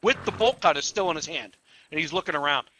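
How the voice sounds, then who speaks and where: A man's voice: a little high, fast, low-quality recording. A police officer telling stories in casual chat, swearing freely, laughing mid-story and acting out the people he quotes. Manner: animated, acts out quotes. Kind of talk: casual storytelling while gaming.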